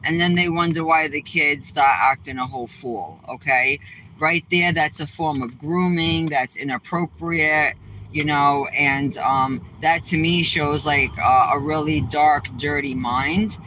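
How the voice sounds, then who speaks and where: A man with a Southeastern Massachusetts accent talks to his livestream viewers from inside a car, and his voice sounds bright and a touch high. He rambles bluntly and swears freely. A faint hum of the vehicle sits behind him. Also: fairly even intonation, unhurried, low-quality recording. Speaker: vlogger. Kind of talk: casual livestream chat while driving. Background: faint vehicle noise.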